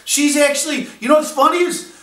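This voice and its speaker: A man hosts a casual fan podcast, jumping between jokes and asides with many fillers. His voice sits high and bright. He sounds a little off-mic in a roomy, echoing space. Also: brisk, recorded from a distance. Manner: animated and jokey, full of fillers and asides. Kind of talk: casual rambling commentary. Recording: echoey room, a little off-mic.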